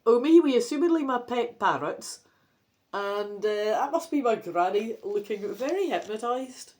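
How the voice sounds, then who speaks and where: A woman's voice: fairly high pitch, animated, moderate pace, darkish tone. A woman with a Scottish accent reading a children's adventure book aloud, rambling and chatty with sweary asides. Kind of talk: casual read-aloud with asides.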